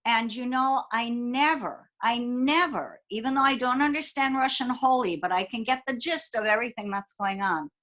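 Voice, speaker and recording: A woman who is an interview guest, telling stories in an animated, expressive way. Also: a little high, normal speed, few pauses. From United States. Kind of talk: casual storytelling in an interview.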